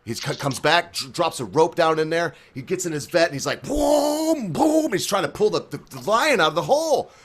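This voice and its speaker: A man hosting a casual joke-swapping chat, loud and profane and often laughing. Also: on the high side, very animated, a little fast, few pauses. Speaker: host.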